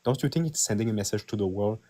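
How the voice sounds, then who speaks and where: A man's voice: lowish voice, rapid-fire, mellow. A man from Quebec with a French Canadian accent, pressing questions in a political debate. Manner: persistent questioning. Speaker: debate participant.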